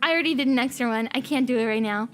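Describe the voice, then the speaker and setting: A woman's voice: sits high, very fast, a bit bright. A young woman livestreaming, chatting casually with her viewers, giggling a lot and repeating her own phrases.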